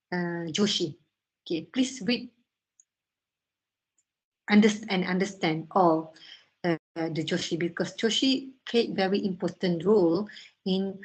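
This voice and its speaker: A woman's voice: medium pitch, rough recording. A woman with a Malaysian English accent, teaching a Japanese grammar lesson online and checking in with "okay" after each point. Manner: slow, repeats "okay" and "lah", switches to Malay glosses.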